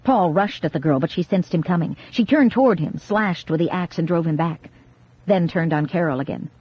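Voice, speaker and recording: An audiobook narrator giving steady, measured scripted horror narration. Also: medium pitch, husky, dry recording. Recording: dull lo-fi dry recording.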